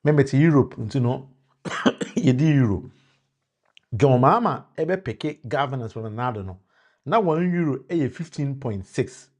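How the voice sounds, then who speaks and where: A man with a Ghanaian accent speaks at medium pitch, animated and a little mellow, at a moderate pace. He's offering political commentary to a live-stream audience, moving between Twi and English, restarting phrases and calling out viewers by name.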